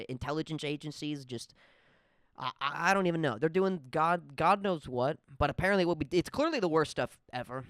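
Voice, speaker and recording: A man's voice: mid-range voice, clean tone, no echo, clean studio sound. A man hosting a solo podcast, rambling casually with heavy swearing and lots of fillers. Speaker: podcast host.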